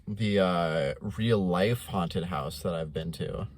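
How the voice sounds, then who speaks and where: A man's voice: deep voice, slow pace, a little hiss or hum. A young man co-hosting a podcast in casual chat, hesitant with many fillers. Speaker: podcast co-host.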